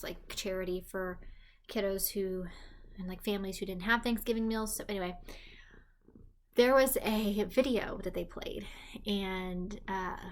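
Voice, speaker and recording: A young woman casually chatting in a vlog, rambling on tangents and often speaking quietly and hushed while her partner sleeps nearby. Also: mid-range voice. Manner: rambling, chatty, self-deprecating. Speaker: vlogger. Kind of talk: casual pregnancy update vlog.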